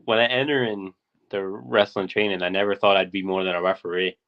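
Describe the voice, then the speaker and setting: A wrestler guest answering interview questions in a hesitant way, with many pauses and ums. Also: male voice, sits low, fairly even intonation. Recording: dull lo-fi audio.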